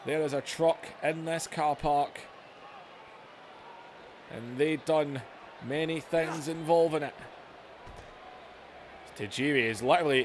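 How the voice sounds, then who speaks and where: A man giving excitable play-by-play commentary over a video game, going from low chatter to yelling. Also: slight background noise. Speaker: gaming channel host.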